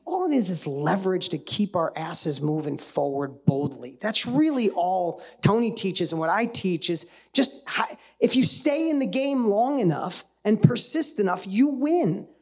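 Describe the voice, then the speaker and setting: A man giving a live motivational talk to an audience, energetic and punchy, often firing questions at the crowd. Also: high voice, unhurried, hardly any pauses, husky. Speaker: motivational speaker.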